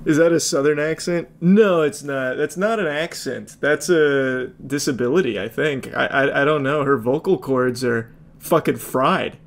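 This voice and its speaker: A man's voice: mid-range voice, measured pace. A man doing casual video reaction commentary, incredulous and sarcastic, swearing freely.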